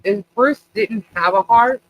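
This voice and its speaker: High-voiced chatty male host. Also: measured pace, lo-fi sound. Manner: chatty, chuckling, asks rhetorical questions. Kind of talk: live stream chat.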